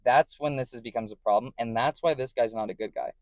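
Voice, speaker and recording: A man's voice: medium pitch, fast talker, a little mellow, no echo. Rambling man talking to camera. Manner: rambling and self-correcting, often checking in with "right?". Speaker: vlogger. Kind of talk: casual explanatory monologue.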